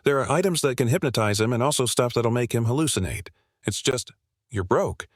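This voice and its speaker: A man's voice: medium pitch, expressive, fairly quick, dry recording, clean studio sound, natural voice. A man voicing a game-style magic system that talks in a curt, matter-of-fact way. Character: blunt magic system voice, genderless game interface.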